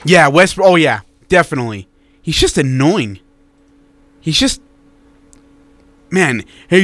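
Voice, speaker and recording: A male sports radio co-host talks in a blunt, animated way and reads listener texts aloud. His voice sits a little high for a man. It is recorded dry and close on a studio mic. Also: measured pace, pauses often, no echo. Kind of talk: casual sports talk radio banter.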